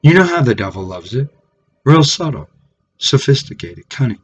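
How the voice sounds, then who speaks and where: A man preaching from scripture in a fiery, profane way, swinging between shouted tirades and low mocking murmurs. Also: big pitch swings, normal speed, breathy edge, faint music behind, poor audio. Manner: swears heavily. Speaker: street preacher.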